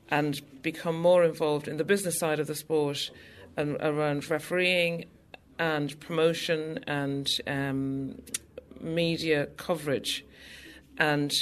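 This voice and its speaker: A woman speaks as a guest on a radio interview, earnestly summing up her conclusions point by point. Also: low voice.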